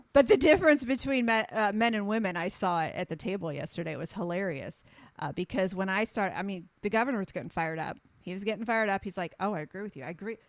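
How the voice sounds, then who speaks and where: Speaking briskly in a mid-range voice with no echo, a middle-aged female health coach makes an impassioned, conversational case. Repeated phrases give her words punch, and when she tells stories she acts out what people said.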